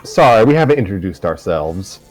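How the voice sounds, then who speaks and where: A man's voice: sits low, big pitch swings, moderate pace, darkish tone, faint music behind. A man voicing a kind, courteous male Dalmatian who is the older brother of a big family. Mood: polite.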